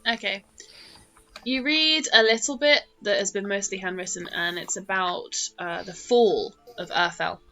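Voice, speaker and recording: A British woman narrates a tabletop game as its game master, her voice bright and forward. She tells the scene with lively energy and jumps into high shouts for the small characters. Soft music plays underneath. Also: measured pace.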